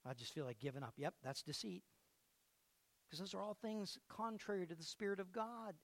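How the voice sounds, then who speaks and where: A woman pastor preaching a sermon in a church, animated and fond of asking the congregation questions, with frequent laughter. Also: on the low side, moderate pace, no echo. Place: church sanctuary.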